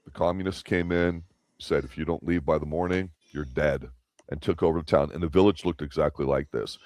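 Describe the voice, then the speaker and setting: A man's voice: rumbling low, a little fast, darkish tone. A man hosting a casual TV review chat, rambling and opinionated with lots of restarts. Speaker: host of a TV review show.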